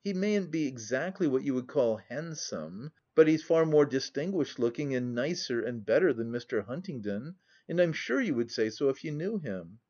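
Guy putting on a shy earnest young lady, soft pleading voice, kinda dull lo-fi audio. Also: mid-range voice, animated, moderate pace, hardly any pauses, close to an everyday voice. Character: timid gentle young woman, sweet and earnest.

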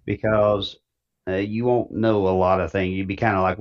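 Deep-voiced Southern man, folksy and rambling. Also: moderate pace, lo-fi sound. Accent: Southern US, East Tennessee. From East Tennessee. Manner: folksy, rambling, many fillers. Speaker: author guest. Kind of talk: casual interview chat.

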